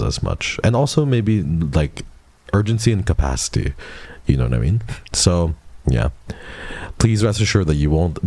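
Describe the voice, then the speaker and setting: A man in his twenties chats casually with his stream audience in a very low, darkish voice. The recording is dry, with no room sound. He teases his viewers with playful mock outrage.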